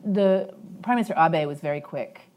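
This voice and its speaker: A woman panelist with a notably low voice, speaking in a measured, diplomatic way. She weighs each phrase carefully as she answers on a policy panel. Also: darkish tone. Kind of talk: panel discussion remarks.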